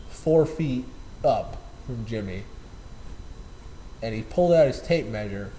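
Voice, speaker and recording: A man with a mellow, mid-range voice tells rambling, profane anecdotes about a former coworker in a casual storytelling style, often repeating and correcting himself. The rough recording carries a little hiss or hum.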